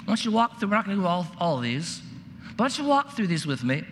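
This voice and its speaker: High-voiced man preaching in a hall. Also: big pitch swings, racing, slight background noise. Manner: earnest, repeats words when stressing. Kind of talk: sermon with a told story. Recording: reverberant hall, faint ambience.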